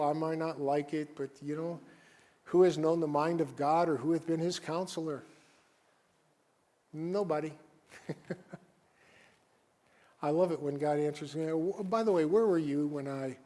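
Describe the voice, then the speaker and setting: A male guest preacher with a somewhat high voice, speaking at an unhurried pace. He reads scripture slowly and with weight, then shifts to a relaxed, conversational tone with the church. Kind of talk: sermon. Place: church service, live-streamed.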